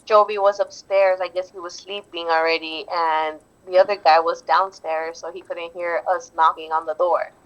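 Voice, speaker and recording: A woman's voice: on the low side, steady tone, normal speed, hardly any pauses, fairly bright tone, lo-fi sound. A woman guest in an interview, answering casually and hesitantly, often restarting and repeating herself.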